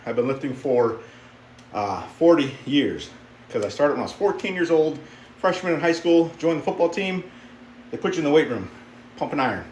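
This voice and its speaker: A man's voice: fairly high pitch, expressive, moderate pace, a little mellow, roomy sound, a little hiss or hum. A man in his fifties casually chatting with viewers while lifting weights in a home gym, upbeat and talkative. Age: 50s. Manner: chatty, upbeat, talks to viewers between sets. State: out of breath after sets. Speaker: fitness streamer. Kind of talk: casual live-stream chat while lifting.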